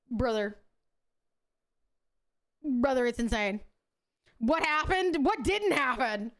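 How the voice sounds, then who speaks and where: A young woman streams a game from her home mic, her voice sitting fairly high. She swears freely and sounds exasperated with the game, yet greets her chat warmly. The talk is loose and casual. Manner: profane, exasperated, laughs often, greets chat affectionately. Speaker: VTuber streamer.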